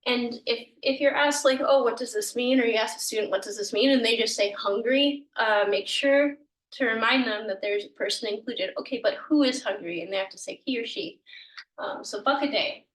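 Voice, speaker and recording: A woman teaching a language lesson, explaining grammar patiently and sounding out words slowly, sometimes correcting herself. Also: fairly high pitch, fairly bright tone, distant mic. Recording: echoey room, voice a bit off mic.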